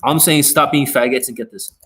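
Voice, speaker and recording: A man's voice: medium pitch, a little fast, a bit bright, low-quality recording. Blunt, profane man coaching live. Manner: repeats and restarts phrases. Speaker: dating coach. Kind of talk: live stream Q&A.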